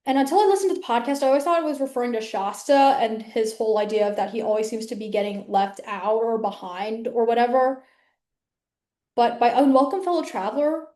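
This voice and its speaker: With a slightly high, darkish voice, a woman rambles casually to the camera as the host of her own video, often using fillers and starting over. The room has an echo.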